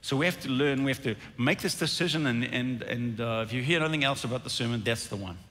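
A pastor giving a sermon in a church, animated at times and dropping to quiet intensity at others. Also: male voice, mid-range voice, fast talker. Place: church auditorium. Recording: church hall reverb.

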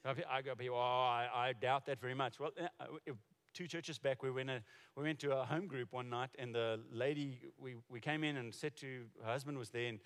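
Recorded in a reverberant hall, a pastor in his forties or older preaches fairly quickly in a steady, mid-range voice. His storytelling is conversational, and he often restarts mid-thought.

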